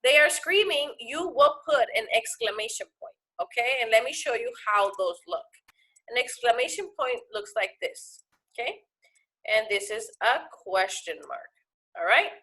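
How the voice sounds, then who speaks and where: A woman teacher giving a recorded lesson to her students, explaining patiently and often pausing to ask "okay?". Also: fairly high pitch, animated, pushed and bright.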